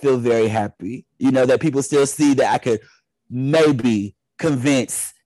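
Animated young man telling stories. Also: medium pitch, measured pace, no echo, low-quality recording. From Detroit area, US. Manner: animated storyteller, acts out family voices. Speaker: podcast guest. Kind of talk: casual chat.

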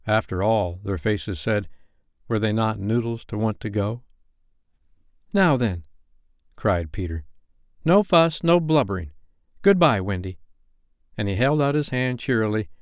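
Lively low-voiced male storyteller. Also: no room sound, clean studio sound. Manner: expressive, animated reading. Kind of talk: bedtime story reading.

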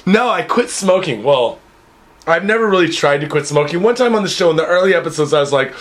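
A man in his thirties talks casually on a podcast in a fairly high voice. He tells stories loosely, swearing freely and laughing along. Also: expressive, quick pace. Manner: loose, profane storytelling with laughs. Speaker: podcast co-host. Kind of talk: casual chat.

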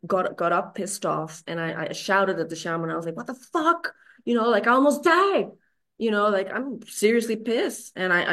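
A woman's voice: medium pitch, a bit bright. A middle-aged woman frankly telling a raw personal story as a podcast guest, swearing freely and restarting her sentences.

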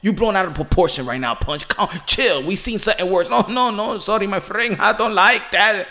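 Man, boxing podcast host, fairly high voice, excitable, slangy, recorded at home. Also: normal speed. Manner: excitable, slangy, repeats "ladies and gentlemen". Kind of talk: animated boxing commentary monologue. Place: home room with children nearby. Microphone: home setup.

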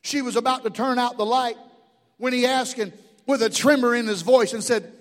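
A man's voice: very high voice, steady tone, moderate pace. A middle-aged man pastor preaching a sermon in a church, impassioned, with call-and-response asides. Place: church sanctuary. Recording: long hall reverb.

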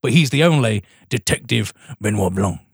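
His voice sits lowish and sounds creaky and slightly rough, animated at a moderate pace. As a podcast co-host he chats enthusiastically about films, swears, and keeps addressing his friend as "mate." The recording has no echo and studio quality.

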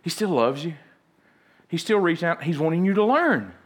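Pastor guy giving a sermon, kinda high voice, jokey and folksy, plays out little scenes. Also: sing-song, normal speed.

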